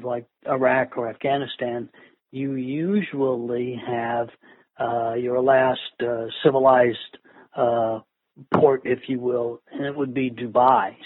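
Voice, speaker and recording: Husky man on a phone-like line. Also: medium pitch, no echo. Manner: storytelling, relaxed, many fillers. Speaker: guest. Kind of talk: casual conversation.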